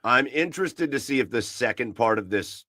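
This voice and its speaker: A man co-hosting a casual podcast from his garage, chatting in a relaxed, rambling way and gushing about beer. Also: medium pitch, normal speed, dry recording, clean studio sound. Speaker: podcast co-host. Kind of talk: casual chat. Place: home garage.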